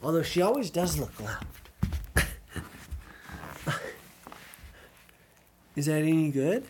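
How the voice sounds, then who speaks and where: A woman's voice: low voice, big pitch swings, drawn-out words, darkish tone, slight background noise. A woman hosting a casual live stream, chatting to her viewers and talking to her small dog by turns.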